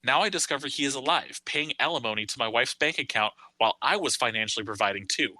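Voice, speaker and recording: A man's voice: mid-range voice, animated, fast, pushed and bright, no echo, rough recording. A man in his thirties co-hosting a casual podcast, reading a long online post aloud with wry asides. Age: 30s. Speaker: podcast co-host.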